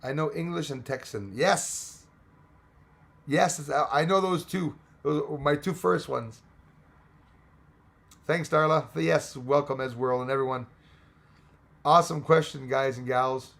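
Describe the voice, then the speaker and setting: A man's voice: a little high, measured pace, gravelly, pauses often, fairly bright tone. A Canadian man, hosting a casual livestream, greeting viewers by name and joking as he rambles. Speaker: livestream host reading chat. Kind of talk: casual live chat.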